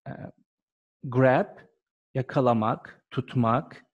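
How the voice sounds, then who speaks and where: A man's voice: a little high, animated, slow pace, pauses often, darkish tone, muffled recording. A male English teacher, patiently explaining a fable word by word. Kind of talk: classroom lesson.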